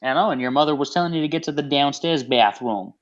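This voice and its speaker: A man's voice: on the high side, quick pace. A man with a Southern US accent from North Carolina, a wrestler guest telling a story with laughs on a podcast call. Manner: laid-back storytelling, laughs often. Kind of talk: casual podcast chat over a call. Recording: muffled phone call audio.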